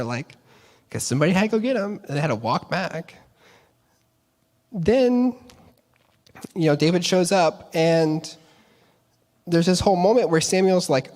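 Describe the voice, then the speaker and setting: A man's voice: on the high side, expressive, unhurried, long pauses, a little mellow. A young man casually retelling a Bible story at a chapel service, chatty and playful, slipping into character voices for the people in the story. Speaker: chapel speaker. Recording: long reverb of a chapel.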